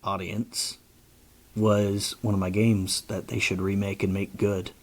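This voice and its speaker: A man co-hosting a gaming podcast, bantering in casual chat with quick jokes. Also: on the low side, level tone. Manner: joking, quick banter, laughs a lot. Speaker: podcast co-host.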